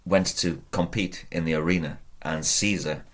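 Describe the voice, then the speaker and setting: A man teaches Latin at a whiteboard, patiently drilling verb endings aloud with rising emphasis and speaking directly to viewers to encourage them. His voice is deep and a bit bright, with fairly even intonation and a moderate pace.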